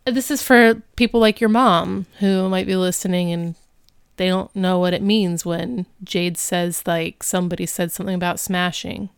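A woman co-hosting a casual podcast, chatting in a wry, animated way. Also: fairly low pitch, moderate pace, clear, resonant tone, no echo, studio quality. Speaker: podcast co-host. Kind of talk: casual rewatch podcast chat.

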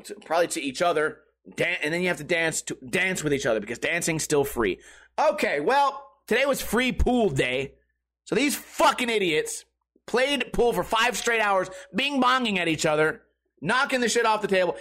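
Animated, profane man ranting a story. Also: a little high. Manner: profane, exasperated, animated mimicry. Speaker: podcast host. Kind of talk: comedic storytelling rant.

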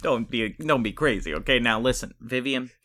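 A man playing a sheepish husband in an improvised comedy sketch, stammering and hesitant as he tries to calm his wife. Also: mid-range voice, moderate pace, lightly acted. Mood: placating. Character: sheepish husband, secret agent.

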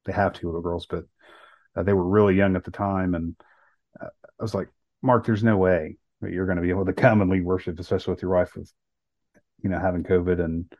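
A man's voice: low-pitched, steady tone, fairly quick, no room sound, highs cut off. A man co-hosting a podcast, earnestly recounting a personal story in casual talk with many fillers and restarts. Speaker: podcast co-host.

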